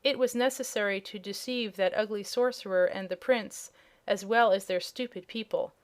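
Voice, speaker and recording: Little humbug wizard, older man, genial and measured, read by a woman narrator. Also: medium pitch, close to an everyday voice. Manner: measured, explaining. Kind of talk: audiobook character voice.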